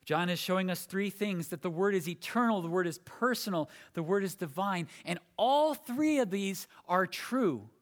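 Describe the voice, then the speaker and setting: A man with a high voice and lively intonation preaches, breaking a passage down phrase by phrase. He pauses for emphasis and sometimes restarts slightly.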